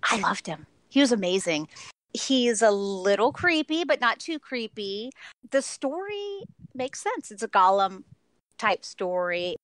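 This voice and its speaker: A woman's voice: fairly high pitch, very animated, a little slow, a bit bright, no echo. A woman reviewing a film on a podcast in casual chat, enthusiastic and gushing, often laughing between thoughts.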